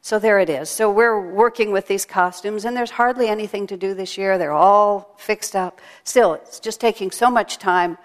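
Woman minister, relaxed storyteller, mid pitch, long hall reverb. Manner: chatty, storytelling, unhurried. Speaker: minister giving a sermon. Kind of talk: sermon with a told joke. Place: temple.

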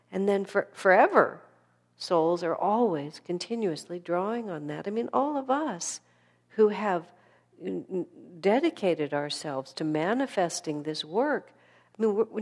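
A woman giving a spiritual class lecture, telling stories in an earnest, animated way. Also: medium pitch. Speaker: spiritual teacher.

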